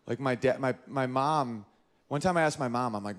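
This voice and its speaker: With a medium-pitched, unhurried voice and long pauses, this northern New York man delivers stand-up on a club stage. He tells animated stories, acting out each quoted voice.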